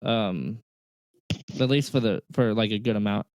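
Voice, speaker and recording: A man co-hosting a casual podcast, thinking aloud in a relaxed way and repeating words as he goes. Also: lowish voice, a little slow, no room sound. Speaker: podcast co-host.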